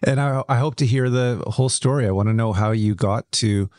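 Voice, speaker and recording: A man hosting an interview podcast, friendly and quick to laugh, a little hesitant in his questions. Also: mid-range voice, darkish tone, dry recording, studio quality. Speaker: podcast host. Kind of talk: casual interview chat.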